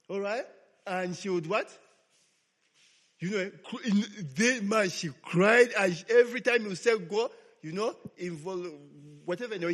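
In a hall with long reverb, a male pastor tells a story in his sermon, checking with "okay?" after nearly each line as a call-and-response. His voice sits high and sounds a bit bright.

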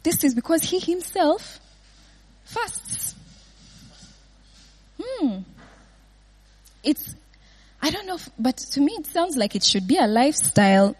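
A woman giving an informal Bible teaching, often laughing and checking in with her listeners with "yeah?" and "right?". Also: high-pitched.

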